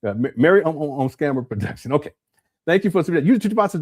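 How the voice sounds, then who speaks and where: Lively rambling male streamer. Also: on the high side, quick pace, breathy edge, no room sound, clean studio sound. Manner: loose and rambling, reading viewer messages aloud. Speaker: livestream host. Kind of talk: casual live-stream chat.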